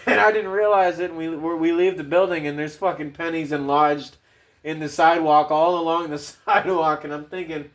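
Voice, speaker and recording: A man's voice: on the high side, fairly even intonation, moderate pace, a bit bright. A man hosting a podcast, rambling casually with heavy swearing. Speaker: podcast host.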